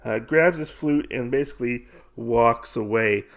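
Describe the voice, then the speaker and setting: A man's voice: medium pitch, a little slow, gravelly. Man rambling through a comic recap. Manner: rambling, with many fillers. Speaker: podcast host. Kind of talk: casual comic-book recap.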